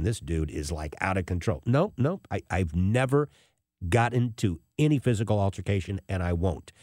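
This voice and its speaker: A man in his sixties hosting a radio talk show, telling a rambling, animated story with many restarts. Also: fairly low pitch, no room sound, clean studio sound. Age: 60s. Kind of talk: casual talk radio monologue.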